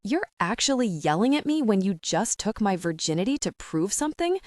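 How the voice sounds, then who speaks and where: A woman's voice: medium pitch, very animated, a little fast, darkish tone, no echo, close to an everyday voice. Haley, a hurt young woman fighting back tears, her voice rising and falling widely as she accuses him, read by a woman narrator. The reading sounds dry and close. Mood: upset. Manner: tearful, accusing.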